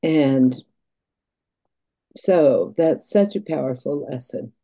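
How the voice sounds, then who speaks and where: Interview guest, a woman; husky, gravelly delivery, reflective and halting. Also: low-pitched, lively intonation, mellow, rough recording. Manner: earnest, halting, with laughs and restarts. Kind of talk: reflective storytelling.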